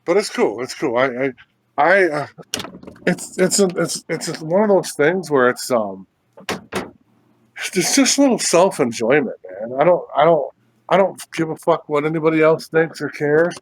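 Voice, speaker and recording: Laid-back guy on a video call, cusses a lot, rambles, voice sits a bit high. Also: animated, moderate pace, a little hiss or hum. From United States. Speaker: podcast co-host. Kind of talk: casual chat.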